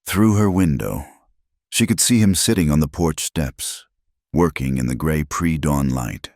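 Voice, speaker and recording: A man narrating a western story in slow, measured scripted narration. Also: extremely low pitch, expressive, a little mellow, no room sound, clean studio sound.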